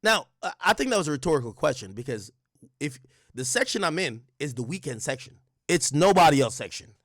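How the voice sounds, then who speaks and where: Young male streamer, animated storyteller who acts out quotes, curses freely, raised voice, close dry sound. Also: on the high side, fairly quick, dry recording. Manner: casual and profane, frequent restarts. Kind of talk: livestream storytelling to chat.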